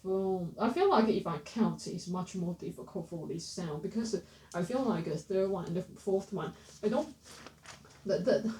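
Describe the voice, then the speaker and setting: A woman teaching pronunciation, repeating words slowly and correcting herself as she goes, in a casual lesson. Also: on the low side, mellow. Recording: roomy, slightly distant mic.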